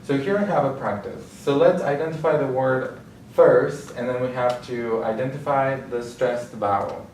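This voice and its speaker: A male Spanish teacher giving a slow, explanatory lecture with frequent restarts. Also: mid-range voice, a little mellow, a little hiss or hum. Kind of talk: classroom-style lecture. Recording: roomy and distant with faint ambience.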